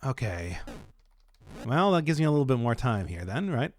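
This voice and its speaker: A man commenting on a puzzle game as he plays, thinking aloud and hesitating, with sudden bursts of excitement. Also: mid-range voice, normal speed, a little hiss or hum. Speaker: let's play host. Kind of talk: let's play commentary.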